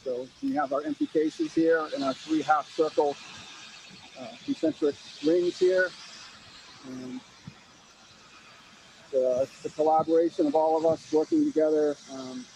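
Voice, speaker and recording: Gravelly man, halting, on a noisy feed. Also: a little high, very animated, darkish tone. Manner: halting, searching for words. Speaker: event worker on a remote feed. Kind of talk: describing a display on a live link.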